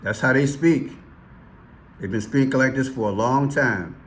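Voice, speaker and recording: Male vlog host, mid-range voice, excitable, repetitive pointing-out delivery. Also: mid-range voice, measured pace. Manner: excitable, repeats himself, points things out. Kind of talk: casual commentary video.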